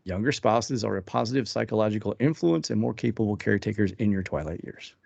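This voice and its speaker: Gravelly low-voiced man, dry lo-fi sound. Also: animated, quick pace, a little mellow, dry recording. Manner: reads list items aloud, joking asides. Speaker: podcast co-host. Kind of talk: casual chat.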